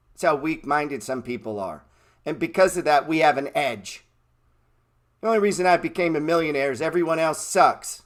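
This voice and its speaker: A brash man with a fairly high-pitched voice rants about trading. He talks in a blunt, profane, mocking way and keeps calling listeners "man.". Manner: profane, brash and mocking, mimics excuse-makers. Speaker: stock trading channel host. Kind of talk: blunt motivational rant.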